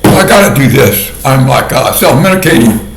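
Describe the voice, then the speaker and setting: A man giving a casual monologue commentary in a sardonic way, laughing often at his own dark jokes. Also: medium pitch, expressive, normal speed, background noise. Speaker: video commentator. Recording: echoey room.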